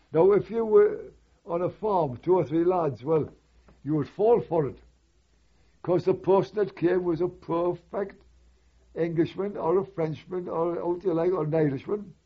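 Husky older man telling war stories. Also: on the high side. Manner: rambling, conversational storytelling with asides. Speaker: war veteran recalling memories. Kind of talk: oral history recollection. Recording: dull lo-fi recording.

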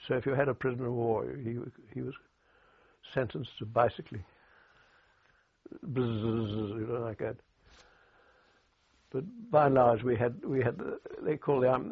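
An older British war veteran recalls his wartime radio work in an oral history interview, sounding tinny as if over a phone. His medium-pitched voice is creaky and slightly rough, and his anecdotes carry dry humour and halting restarts.

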